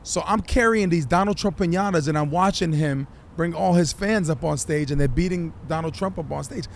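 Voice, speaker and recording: A man, a musician guest on a podcast, telling his story in an animated, profane way and acting out what people said. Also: a little high, brisk, gravelly. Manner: animated, profane, acts out quotes.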